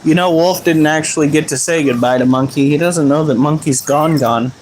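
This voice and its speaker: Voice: mid-range voice, brisk, a little mellow. A pet owner talking casually to their dogs at home at night, exasperated and swearing freely at them. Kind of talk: casual talk to dogs while filming. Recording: noisy home recording, dogs around.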